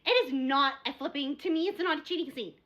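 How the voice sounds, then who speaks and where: Woman book vlogger, quick and slightly high-pitched, rambling and animated. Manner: rambling, repeats herself, gets worked up. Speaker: book reviewer. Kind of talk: casual chat, book review vlog.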